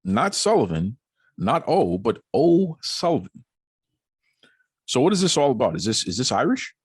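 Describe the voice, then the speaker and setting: A man's voice: medium pitch, very animated, brisk, slightly rough, dry recording, clean studio sound. A man hosting a podcast in casual chat, jokey and teasing, laughing often. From Boston area. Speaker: podcast host.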